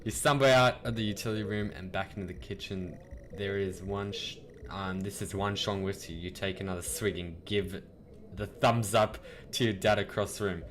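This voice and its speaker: A man's voice: lowish voice, steady tone, fairly bright tone, slight background noise. A man hosting a let's-play, reading game text aloud and joking, flustered at times. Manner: reads slowly, jokes and gets flustered. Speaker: gaming video host.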